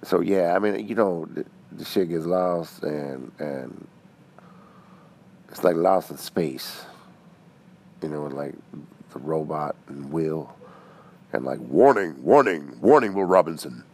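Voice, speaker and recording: A man calling in to a casual show, rambling and halting, cursing offhandedly. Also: extremely low pitch, creaky, a little mellow. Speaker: caller. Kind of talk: casual chat.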